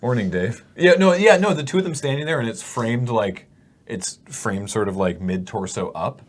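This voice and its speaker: A man in a casual brainstorming chat, rambling and acting out quick silly lines for sketch ideas. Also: mid-range voice. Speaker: comedy writer brainstorming sketches.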